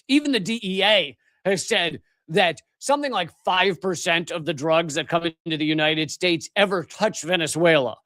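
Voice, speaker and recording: A man's voice: on the high side, fairly bright tone, no echo. A middle-aged man hosting a live political commentary show, ranting angrily with profanity and frequent restarts. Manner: angry, profane, emphatic with many restarts.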